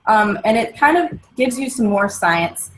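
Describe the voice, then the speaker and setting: A woman's voice: on the high side, animated, a little slow, rough recording. A woman, a guest on a wellbeing talk show, explaining positive self-talk and mantras in an earnest, casual way. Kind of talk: casual chat.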